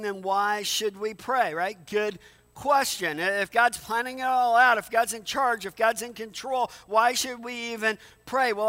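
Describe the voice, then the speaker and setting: A man's voice: high-pitched, pushed and bright. A man preaching a sermon in a conversational way, often repeating words and asking rhetorical questions. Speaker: pastor.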